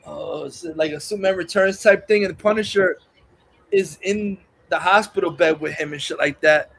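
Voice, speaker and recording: A man's voice: high-pitched, moderate pace, fairly bright tone. A man hosting a livestream, casually retelling a movie scene by scene in a rambling, profane way and acting out the quotes. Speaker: livestream host. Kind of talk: casual movie review chat.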